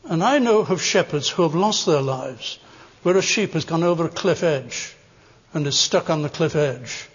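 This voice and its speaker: A man's voice: a little high, animated, moderate pace, husky. An older man preaching a sermon, earnest, with emphatic stresses on repeated phrases. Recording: dull reverberant hall recording.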